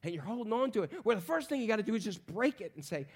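A man preaching a sermon to a congregation, animated, asking the crowd questions and acting out the voices of people in the story. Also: high voice, racing, few pauses. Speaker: pastor.

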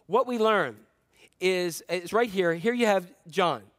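A man preaching a sermon as a pastor, telling stories in an animated way and acting out scenes with playful humor. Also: high-pitched, takes it slowly, dry recording, studio quality.

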